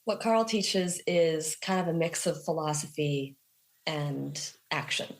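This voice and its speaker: A woman musician being interviewed, telling stories in a reflective, animated way with casual fillers. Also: low-pitched, slow pace. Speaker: guest musician. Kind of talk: conversational interview.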